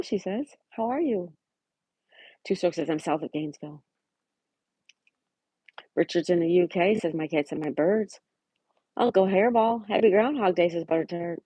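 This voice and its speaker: A woman's voice: lowish voice, moderate pace, pauses often, dark tone, breathy edge, dry recording, highs cut off. A woman hosting a casual livestream, chatting and reading out viewers' messages and greeting them by name. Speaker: livestream host. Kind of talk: casual live-chat reading.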